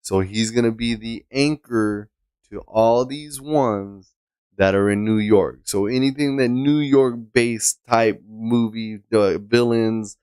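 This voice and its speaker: Podcast co-host, male, low smooth voice, loose rambling delivery with laughs. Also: slow, a little mellow, no room sound. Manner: rambling, laughs often, restarts. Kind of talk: casual chat.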